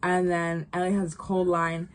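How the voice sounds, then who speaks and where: A young woman chats casually about a game, rambling with constant fillers. Her voice sits a little low. A faint hiss runs under the recording. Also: flat delivery, moderate pace. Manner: rambling, full of fillers and acted quotes. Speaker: gaming vlogger recapping a game. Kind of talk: casual chat.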